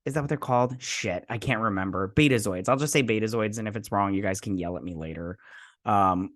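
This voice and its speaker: A man's voice: lowish voice, fairly quick, fairly bright tone. Rambling man recapping a TV episode. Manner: rambling, loose retelling with many "like" and fillers. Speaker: host of a TV review channel. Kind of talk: casual episode recap and review.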